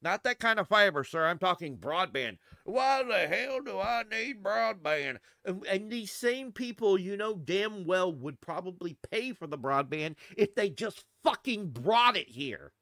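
A man's voice: sits high, sing-song, normal speed, hardly any pauses, pushed and bright, dry recording. Ranting, cursing man in his forties. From Texas. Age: 40s. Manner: profane, exasperated ranting. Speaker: vlogger. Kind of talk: casual ranting vlog.

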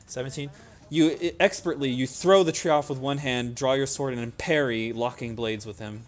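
Young man, game master, animated narration, laughing, casual swearing, tabletop game. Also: medium pitch, moderate pace.

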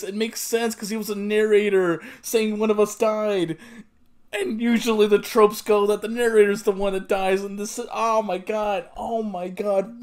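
A man's voice: high-pitched, little pitch movement, normal speed, darkish tone. A man reacting to an anime episode in casual commentary, exasperated and swearing, repeating himself and sometimes dropping to a mutter. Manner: drops into muttered whispers. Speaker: anime reaction channel host.

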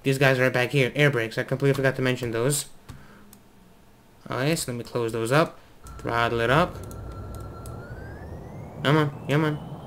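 A man hosting a let's play, commentating excitedly to himself as he flies, at a desk mic at home. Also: medium pitch, normal speed, pauses often, slight background noise. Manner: excitable, talks to himself while flying. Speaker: gaming video host.

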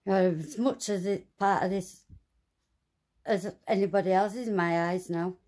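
Woman, mid-pitched and mellow, venting and cursing at her neighbours' noise. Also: fairly even intonation, normal speed. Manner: swearing, exasperated ranting. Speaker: vlogger. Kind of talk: angry monologue to camera.

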